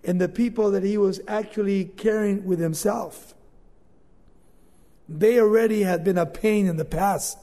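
A male preacher tells a Bible story in an informal way, his loudness swinging from forceful to hushed. His voice sits high. The sound rings in a hall with a long reverb. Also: fairly even intonation, measured pace. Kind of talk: sermon.

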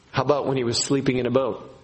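Slow, emphatic male preacher. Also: mid-range voice, low-quality recording. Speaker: pastor. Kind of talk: sermon.

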